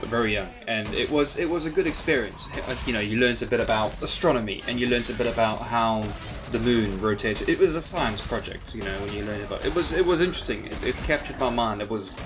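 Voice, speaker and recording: A man co-hosting a podcast, chatting casually and excitedly, laughing often. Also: mid-range voice, quick pace, music in the background. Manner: excitable, laughs a lot, animated. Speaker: podcast co-host. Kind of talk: casual chat.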